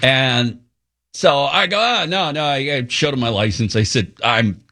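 A middle-aged man, a radio co-host, chatting casually and telling lively stories that he laughs his way through. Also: medium pitch, unhurried. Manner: animated storyteller, laughs through his anecdotes.

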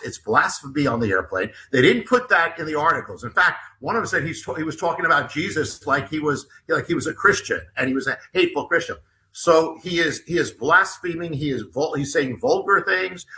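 A man's voice: on the high side, pushed and bright. A man guesting as an author on an interview show, telling a personal story in a rambling way with many restarts and repeated words.

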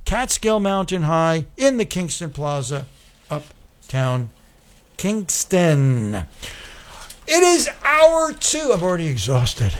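A man hosting a radio talk show, reading sponsor spots in a loose, chatty way with lots of ums and uhs. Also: high voice.

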